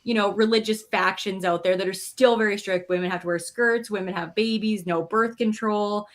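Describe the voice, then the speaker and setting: A woman talking casually, airing frank opinions and working through her thoughts as she goes, with plenty of hedging. Her pitch sits in an ordinary middle range. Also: steady tone, normal speed. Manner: thinking aloud, hedging, frank. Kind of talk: casual chat.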